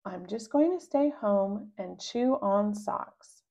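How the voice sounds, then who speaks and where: A woman voicing a small girl who pretends to be a stubborn puppy, barking high and loud. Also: expressive, slow, vocal fry, lo-fi sound, full character voice.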